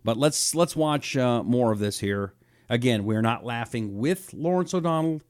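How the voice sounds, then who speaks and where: A middle-aged male talk show host chatting loosely on a live stream. He rambles with false starts and reads viewer comments out loud in an ordinary mid-pitched voice. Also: animated, normal speed, clear, resonant tone.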